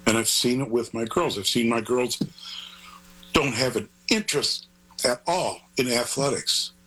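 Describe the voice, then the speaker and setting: A man's voice: mid-range voice, a little slow, bright, forceful tone, husky, poor audio. An older man, a grandfather, talking as an author guest in an interview, rambling and earnest in a digressive way. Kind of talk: conversational interview.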